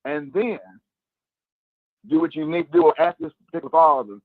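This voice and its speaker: A male caller comes in over a thin, tinny phone line and lays out his view with emphasis. His voice sits at a middle pitch, and the sound is dry. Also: huge pitch swings, brisk, vocal fry, dry recording. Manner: opinionated, emphatic. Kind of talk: casual call-in radio chat.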